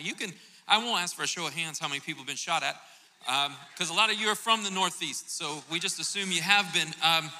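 A male pastor from Florida telling a lively, joking story during a sermon. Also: a little high. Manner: animated storytelling, jokey asides. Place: church auditorium. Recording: reverberant church hall.

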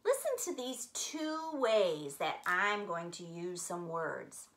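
A middle-aged woman giving a gentle Bible lesson to children, speaking slowly and warmly to her young listeners. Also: lowish voice. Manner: slow, gentle, animated talk to children.

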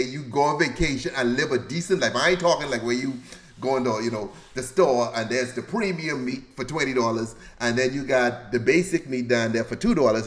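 A man from the Bahamas hosts a loose livestream and reads viewer comments aloud. His voice sits at an ordinary middle pitch, and he talks in a joking, slangy way, laughing often. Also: a bit bright. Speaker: livestream host. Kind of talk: casual livestream chat reading viewer comments.

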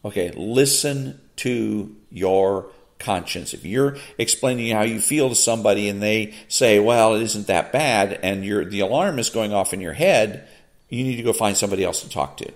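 A man with a lowish voice talks through his thoughts in solo commentary, pausing often and restarting his sentences. He reads a passage, then stops to push back on it in a plain, conversational way. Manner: unhurried, halting, many fillers and restarts. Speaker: podcast host. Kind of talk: solo commentary reading and reacting to a quote.

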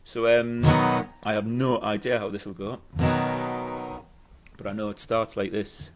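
A man's voice: lowish voice, little pitch movement, slow. A middle-aged man, chatting casually and wryly between songs as a musician hosting his own live stream. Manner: rambling, wry and self-mocking. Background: acoustic guitar.

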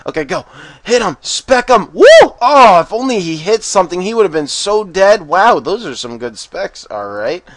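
Male gameplay commentator, higher-pitched, dry close sound; casual, excitable, profane, with frequent panicked outbursts. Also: no echo. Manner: excitable, bursts into rapid panicked no-no-no's; swears freely and laughs often. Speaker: game commentator.

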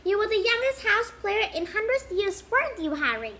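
A woman's voice: very high-pitched, slight background noise, voice pushed up, heavily acted. A woman reading as an eager chatty young boy. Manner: excited rapid questions.

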